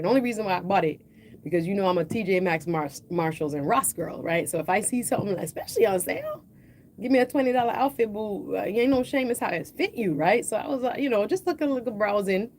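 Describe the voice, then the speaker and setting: A middle-aged Jamaican woman telling a story on her livestream in a chatty, animated way, slipping now and then into patois. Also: medium pitch, a little hiss or hum. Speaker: livestream host.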